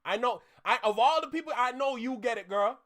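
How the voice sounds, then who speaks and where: A woman's voice: on the high side, fairly quick. A woman from Toronto with a Caribbean-Canadian accent, teasing and chatting casually as a co-host during a reaction. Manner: playful, teasing, drops to soft asides.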